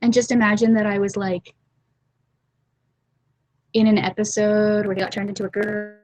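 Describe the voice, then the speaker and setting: A young woman hosting a casual drawing livestream from a warm room at home, rambling and giggly, often trailing off into mumbles, on a laptop webcam mic. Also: mid-range voice, little pitch movement, normal speed, rough recording. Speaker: livestream host. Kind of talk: casual chat while drawing.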